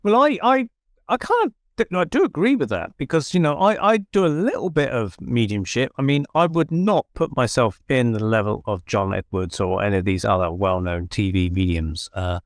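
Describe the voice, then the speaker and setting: A man's voice: medium pitch, lively intonation, normal speed, no echo, studio quality. A middle-aged man with an English accent, hosting a podcast and telling his own story in a chatty, self-deprecating way with many restarts. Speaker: podcast host. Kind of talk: conversational storytelling.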